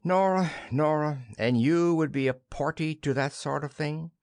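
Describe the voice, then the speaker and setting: A man's voice: on the high side, measured pace, a little mellow, no echo, studio quality. A man voicing a patronizing middle-aged husband who scolds and talks down to his wife. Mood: scolding. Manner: scolding, condescending.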